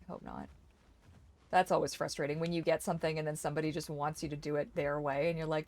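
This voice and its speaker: A young woman streamer giving casual gameplay commentary, chatty, swearing freely and exclaiming loudly at the game. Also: low-pitched, fairly even intonation, a little fast. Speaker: gaming streamer.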